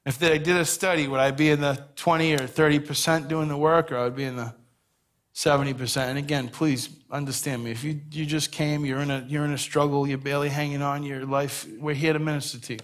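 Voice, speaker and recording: A man's voice: a little high, flat delivery, brisk. A man preaching a sermon as pastor, earnest and conversational, telling stories on himself with a self-deprecating touch.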